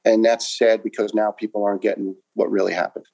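A man's voice: on the low side, flat delivery, fairly quick, gravelly, darkish tone, dull audio. A man in his fifties from New York, a retired firefighter telling his story in an interview with passion, emphasis and frequent restarts.

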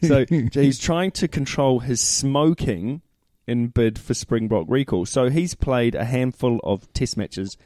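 A man's voice: mid-range voice, slow pace, few pauses, darkish tone, no room sound, studio quality. A man co-hosting a casual rugby podcast, bantering in a laid-back way with "mate" and tag questions. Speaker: podcast co-host. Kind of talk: casual chat.

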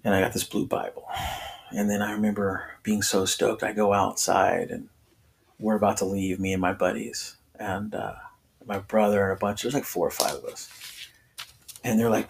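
A man's voice: fairly low pitch, fairly even intonation, normal speed, creaky. A man on a podcast telling his personal faith testimony in an earnest, conversational way, full of restarts and voiced quotes. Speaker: podcast guest.

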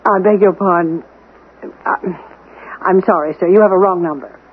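An actor playing a formal, faintly condescending male butler, calm and superior, in a vintage radio drama. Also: high-pitched, moderate pace, natural voice. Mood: prim, composed. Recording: tinny lo-fi old radio recording with hiss.

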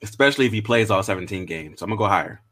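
Low-voiced easygoing male co-host. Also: expressive, racing, sharp tone. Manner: easygoing, lots of fillers, laughs along. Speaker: sports show co-host. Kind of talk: casual sports chat.

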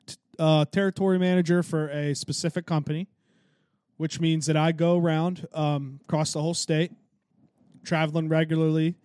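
A man's voice: on the high side, a little mellow, no room sound, clean studio sound. A young man hosting a casual solo podcast, telling stories in a joking, profane, self-mocking way. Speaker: podcast host.

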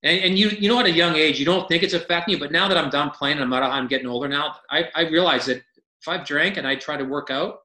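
A man's voice: fairly high pitch, fast, bright, forceful tone, roomy sound, low-quality recording. A man, a former hockey player, telling stories in casual talk, acting out quotes and laughing often. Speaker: podcast guest, retired hockey player. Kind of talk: casual storytelling.

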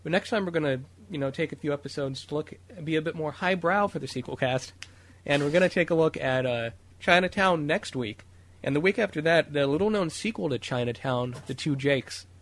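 A man hosting a podcast in a relaxed, easygoing way, with frequent fillers and hesitations. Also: fairly high pitch, brisk, slight background noise. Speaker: podcast host. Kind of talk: casual podcast chat.

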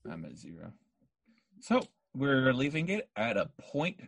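A man's voice: mid-range voice, big pitch swings, measured pace, vocal fry, crowd noise. A man co-hosting a podcast, chatting casually and bluntly, scornful as he reviews a movie over a remote call. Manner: blunt, ranting, scornful of the film. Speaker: podcast co-host.

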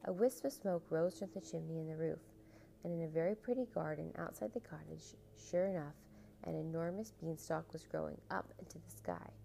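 A woman reading a children's storybook aloud with expressive, animated delivery. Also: sits low, moderate pace, creaky, slight background noise, low-quality recording.

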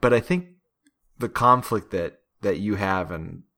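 A man co-hosting a casual film podcast, hesitant and measured, with many ums and pauses. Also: on the low side, pushed and bright. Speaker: podcast co-host.

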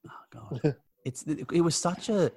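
Casting: chatty man, mid pitch, enthusiastic film-chat host, dry close mic. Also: lively intonation, dark tone, husky, dry recording. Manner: chatty, enthusiastic, quick asides.

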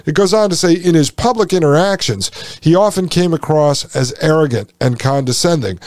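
Man, podcast host, folksy, sarcastic, reads and comments, higher-pitched voice, dry recording. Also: darkish tone, dry recording. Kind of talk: commentary reading and reacting to a text.

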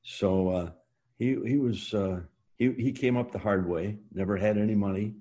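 A man's voice: on the low side, steady tone, normal speed, dark tone. A man being interviewed, telling long rambling stories with frequent fillers and restarts. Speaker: interview guest. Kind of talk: storytelling in a casual interview.

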